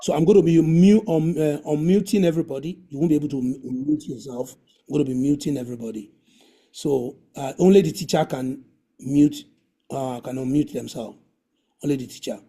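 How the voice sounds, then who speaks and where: A man's voice: fairly high pitch, brisk, dark tone, slightly rough. Man hosting an online language class. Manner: repetitive, coaching, drills pronunciation. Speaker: webinar host. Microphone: video call.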